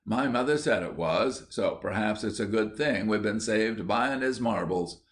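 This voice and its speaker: A man voicing a timid schoolboy who speaks tentatively and gently in an audiobook. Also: on the low side, expressive, a little slow.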